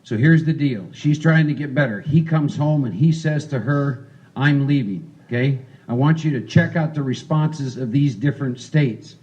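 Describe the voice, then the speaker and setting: A man's voice: a little high, moderate pace, few pauses, dark tone, highs cut off. A man leading a recovery workshop, talking casually and coaching volunteers through a role-play. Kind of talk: interactive recovery workshop talk.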